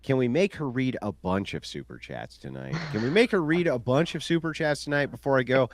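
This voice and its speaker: A man's voice: mid-range voice, sing-song, fairly quick, no room sound. Mocking, combative man in an online debate. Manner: mocking, combative, laughs at opponents.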